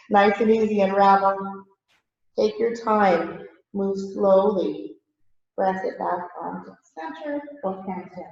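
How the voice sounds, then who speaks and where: A woman leading a yoga class, chatty and relaxed, laughing at herself and a little out of breath. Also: medium pitch, heavy reverb, far from the mic, highs cut off. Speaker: yoga instructor. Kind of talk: guided yoga class instruction. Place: yoga studio.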